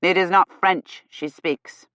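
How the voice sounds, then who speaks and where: A woman reading aloud, voicing a young knight who speaks slowly and stresses every word. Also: lowish voice, fairly even intonation, a bit bright, no room sound. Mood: puzzled. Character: earnest young knight, slow and over-distinct. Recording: slightly dull, dry audio.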